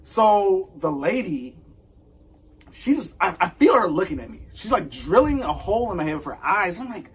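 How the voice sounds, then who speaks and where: A man sharing a personal faith story in casual conversation, animated and acting out his own thoughts and the lines of others. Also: high voice, moderate pace. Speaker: guest.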